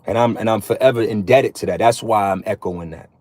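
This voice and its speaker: The voice is fairly low, brisk and darkish, captured in a dry recording. A thirtysomething religious vlogger bluntly and profanely preaches to other men in a street-style monologue, often capping sentences with "man."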